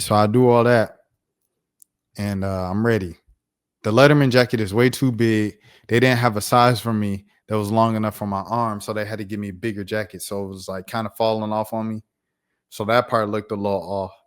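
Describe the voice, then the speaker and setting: A man around thirty telling a personal story on his vlog in a casual, slangy, animated way. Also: lowish voice, moderate pace. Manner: animated, slangy, acts out voices. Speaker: YouTuber.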